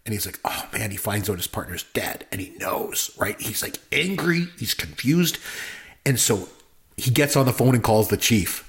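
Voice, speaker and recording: A man's voice: lowish voice, animated, normal speed, a bit bright. A man co-hosting a casual movie talk, enthusiastic and rambling, with lots of fillers. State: married. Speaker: podcast co-host.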